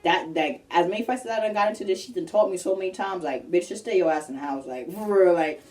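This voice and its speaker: A young woman telling a personal story in a casual vlog, animated and slangy, acting out what people said. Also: on the low side, fast, far from the mic, soft background music. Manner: animated, slangy, acts out quotes.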